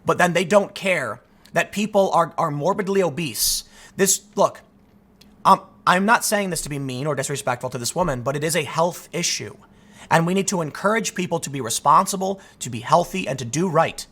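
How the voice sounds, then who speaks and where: A man hosting a commentary show, ranting to his audience in an emphatic, animated way. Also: a little high, moderate pace, breathy edge. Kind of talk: opinion rant to camera.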